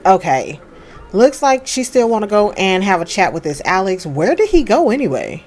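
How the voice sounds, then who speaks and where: A woman's voice: mid-range voice, very animated, moderate pace, a little mellow. A woman giving casual, sassy commentary while she plays a life-sim game. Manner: chatty, sassy, amused. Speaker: game streamer.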